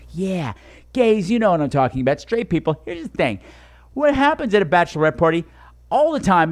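A man hosting a talk show, telling stories in a profane, sarcastic comedic rant and slipping into mocking voices. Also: on the high side.

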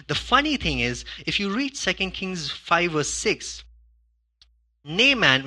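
A man preaching a sermon as pastor, in a conversational way, with frequent "okay?" and "you know", swinging between hushed asides and loud bursts of emphasis. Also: fairly high pitch.

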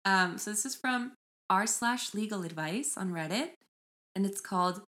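A young woman co-hosting a casual podcast, chatting and reading a story aloud with lively mimicry of voices. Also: medium pitch, normal speed. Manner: animated, mimics voices when retelling. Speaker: podcast co-host.

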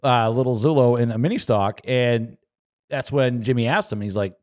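A man's voice: medium pitch, moderate pace, a little mellow. A man hosting a casual talk show, leading the chat and asking his co-hosts questions. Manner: leads the chat, asks questions. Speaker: show host.

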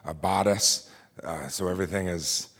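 A man with a fairly low voice tells a true story from his own life before a live audience in a theater. He speaks loosely, with fillers and restarts. The recording is clean and close. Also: moderate pace. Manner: conversational with frequent fillers and restarts.

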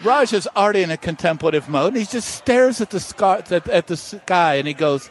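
Animated storytelling man outdoors. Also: sits high, brisk, few pauses. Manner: animated storyteller, acts out voices. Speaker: master distiller, interview guest. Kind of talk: storytelling interview. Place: outdoors at a festival.

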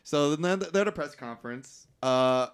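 A man's voice: on the high side, animated, moderate pace, clean tone. A man casually recapping a film on a podcast, acting out lines from the movie and swearing freely. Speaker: podcast co-host.

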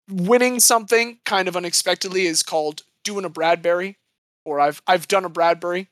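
A woman's voice: medium pitch, a bit bright, dry recording. A woman co-hosting a podcast, telling sports history in a casual, jokey way. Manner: chatty, jokey storytelling. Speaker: podcast co-host.

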